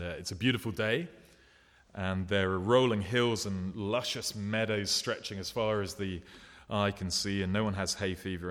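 Earnest low-voiced male preacher in a reverberant hall. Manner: earnest, unhurried, paints vivid scenes, drops soft at tender moments. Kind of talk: sermon.

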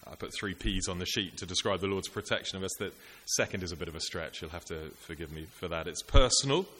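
A man with a low voice preaches a sermon at a quick pace, sounding pushed and bright. He is earnest and rhetorical, building his points through repetition and lists. The echoey hall recording carries a faint hiss.

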